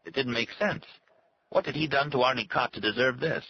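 A man giving a steady, measured reading of a novel as its narrator. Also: medium pitch, breathy edge, muffled recording. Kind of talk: scripted audiobook narration.

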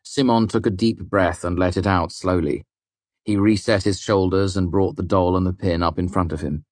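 A man reads a novel aloud with calm, steady pacing. His voice is very low and sits close and dry on the mic, with no room sound. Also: normal speed, no room sound. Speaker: audiobook narrator. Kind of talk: scripted narration.

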